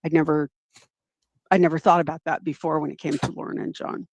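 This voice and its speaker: A guest on a gossip livestream speaking in a thoughtful, halting, measured way. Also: mid-range voice, fairly even intonation, gravelly, slight background noise. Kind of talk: casual chat.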